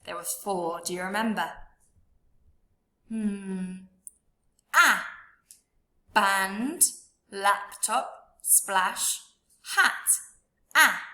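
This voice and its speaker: A woman teaching a children's phonics lesson, sounding out letters slowly and coaxing the listener to repeat after her. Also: medium pitch, sharp tone, reverberant. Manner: slow, drawn-out sounding out of letters with encouraging prompts.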